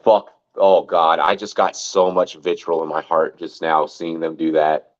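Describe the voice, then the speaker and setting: A man's voice: extremely low pitch, level tone, a little slow. A man hosting a fantasy football show in loose, rambling talk, full of repeated words and "like", with some swearing. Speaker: fantasy football podcast host. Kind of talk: casual sports talk. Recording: dull lo-fi sound.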